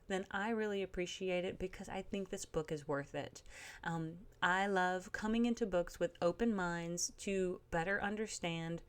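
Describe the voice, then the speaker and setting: Earnest woman reviewing a book, slightly low voice. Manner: earnest and careful, with frequent um and restarts. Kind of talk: casual spoken book review.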